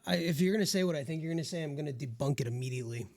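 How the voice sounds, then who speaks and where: A man's voice: fairly high pitch, racing, darkish tone. A man co-hosting a casual wrestling podcast who answers his partner with dry, sarcastic retorts. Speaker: podcast co-host.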